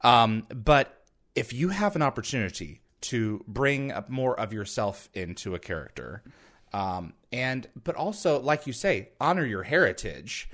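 A man's voice: mid-range voice, sing-song, unhurried, fairly bright tone. Man hosting a fan interview. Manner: prompting questions with hesitations. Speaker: interview host. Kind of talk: casual interview chat.

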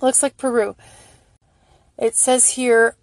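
A middle-aged woman with a slightly high voice chats casually and emotionally, easily touched and full of praise. She reads lines aloud slowly and carefully. The sound is close and dry, with no room echo. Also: steady tone. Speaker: fan vlogger reading charity posts. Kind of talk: casual on-screen commentary.

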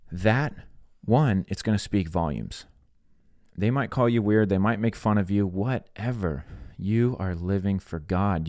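Speaking in a low, dark voice, this faith podcast host preaches earnestly in plain words and performs the dialogue he quotes. It's sermon-style teaching captured as a dry, clean studio recording.

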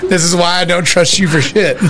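A man's voice: sits high, fairly even intonation, brisk, pushed and bright. A man co-hosting a podcast in casual chat, full of crude, joking banter and teasing. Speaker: podcast co-host.

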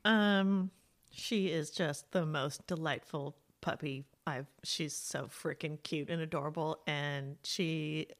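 A woman co-hosting a podcast in casual chat, who talks in an animated, giggly, playful way. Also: sits low, slow pace. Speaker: podcast co-host.

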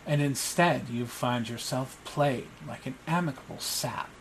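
A man voicing an ancient shadow monster in the shape of a young lord, speaking quietly, coldly and with menace. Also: mid-range voice, unhurried, a little hiss or hum, natural voice, rough recording. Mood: cold, menacing.

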